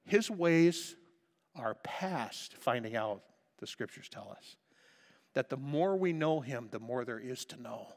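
A pastor preaching a passionate sermon, dropping to a hush and then rising to loud emphasis. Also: male voice, medium pitch, lively intonation, takes it slowly, creaky. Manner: impassioned, swinging between hushed and loud. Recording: reverberant hall.

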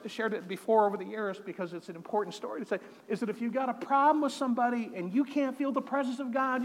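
A man with a fairly high voice preaches earnestly, stumbling into his phrases with repeated words. His sermon rings out with a long reverb around it. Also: a little hiss or hum. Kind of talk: sermon with personal testimony.

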